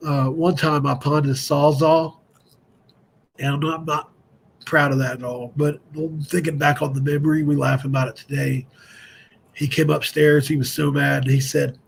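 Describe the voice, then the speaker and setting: Gravelly man chatting loosely. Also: medium pitch, little pitch movement, normal speed, a little hiss or hum. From West Virginia. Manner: candid and self-deprecating, loose and digressive. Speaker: host of a fan show. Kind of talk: rambling casual live-stream chat.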